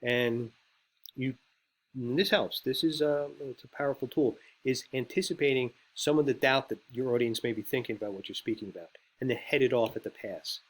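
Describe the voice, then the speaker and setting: A man teaching speechwriting in a loose, rambling way, full of ums and you-knows. His voice sits at an ordinary middle pitch, and he talks to the class conversationally rather than reading from a script. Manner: rambling and conversational, with filler words and quick impressions. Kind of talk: casual lecture on speechwriting.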